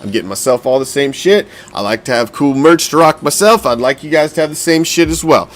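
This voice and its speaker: A man's voice: fairly high pitch, expressive, fairly quick. A man hosting a football fan show, talking casually, bluntly and with a lot of profanity, and getting winded as he goes. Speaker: podcast host.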